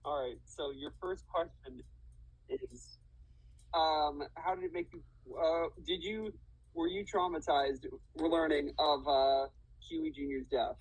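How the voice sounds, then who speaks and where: Man, husky voice, rambling, playing a lawyer in a playful online mock trial. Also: a little high, takes it slowly, rough recording. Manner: rambling, full of fillers and restarts. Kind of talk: casual role-play over voice chat. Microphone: voice chat mic.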